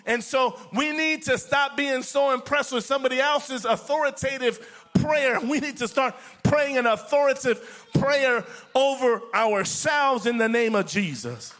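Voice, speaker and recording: A man preaching a sermon to his church, swinging between loud declarations and soft whispers and repeating words for emphasis. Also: very high voice, unhurried. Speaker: pastor.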